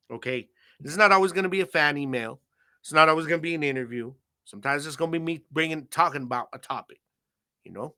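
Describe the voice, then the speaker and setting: A man's voice: fairly high pitch, bright, forceful tone. A man hosting a football podcast alone, talking casually and laid-back, full of slang and fillers like "man" and "you know". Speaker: podcast host. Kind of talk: casual solo podcast talk.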